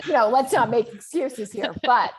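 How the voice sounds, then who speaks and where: Candid, animated woman telling a story. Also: fairly high pitch, moderate pace, crowd noise. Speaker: guest author. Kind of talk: conversational interview.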